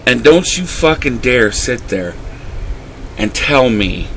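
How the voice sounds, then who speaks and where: This vlogger's voice sits fairly low and moves unhurriedly, with a fairly bright tone, as he delivers an angry, swear-filled rant to the camera. His pitch rises and drops with emotion, and the poor audio carries slight background noise.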